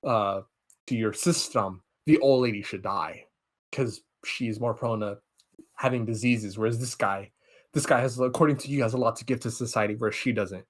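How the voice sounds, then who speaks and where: A cold killer mastermind hands down commands and lectures his victim on the rules, as a podcast host quotes him in his own casual voice. The voice stays at a middling male pitch and carries a stern, instructing edge. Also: normal speed, lightly acted. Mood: lecturing.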